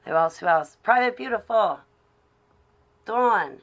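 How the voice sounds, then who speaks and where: A woman's voice: medium pitch, lively intonation, slow, dull audio. A woman live-streaming to her chat from her car while driving, talking casually and sarcastically in a ranting way.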